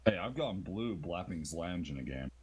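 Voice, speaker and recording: Very deep-voiced joking man. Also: expressive, moderate pace, background noise. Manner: playful, teasing, mock-seductive banter. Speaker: clan member in voice chat. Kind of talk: casual joking voice chat. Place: online voice chat.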